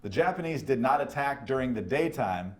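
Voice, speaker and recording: A man's voice: medium pitch, animated, fairly quick. A man with a mid-range voice conducts an oral history interview. He keeps his questions short and prompting, so the veteran does the talking.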